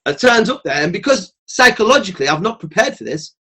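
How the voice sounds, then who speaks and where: Outspoken man, podcast guest, slightly high voice, blunt and sweary, animated storyteller. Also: quick pace, slightly rough. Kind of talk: casual podcast chat.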